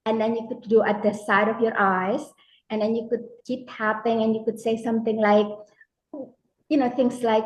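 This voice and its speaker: A woman coach answering interview questions in a gentle, hesitant way, with lots of fillers. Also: on the high side, flat delivery, normal speed, dull audio. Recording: echoey room.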